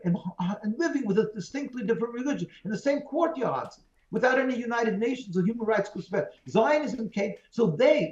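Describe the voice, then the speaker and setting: A man's voice: sits high, a little mellow. Impassioned man on a roomy call. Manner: emphatic, pleading, with repeated phrases and restarts. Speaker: rabbi, interview guest. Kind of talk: impassioned interview answers. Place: remote call from home. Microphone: video call. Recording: roomy, dull video-call audio.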